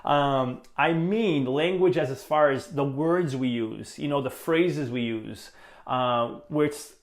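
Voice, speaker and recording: A man's voice: medium pitch, takes it slowly, echoey room. A man in his thirties hosting a solo motivational podcast, talking in an earnest, encouraging way with lots of "you know" fillers. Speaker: podcast host.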